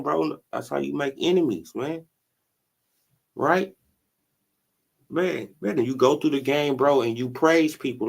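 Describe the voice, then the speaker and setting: Animated man riffing on boxing, slangy. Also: on the high side, creaky. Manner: animated, slangy, laughs often, repeats "right?" and "bro". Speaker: boxing commentary channel host. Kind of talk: casual livestream commentary.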